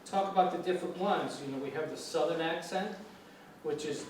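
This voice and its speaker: A man from New York City speaks to a class in an easy, chatty way, stopping often to restart his thoughts. His voice sits slightly high. It comes from a distance in a very echoey room with a faint hiss underneath. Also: fairly quick. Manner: relaxed, chatty, many fillers and restarts. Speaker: guest lecturer on English. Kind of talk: informal classroom talk. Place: university lecture room.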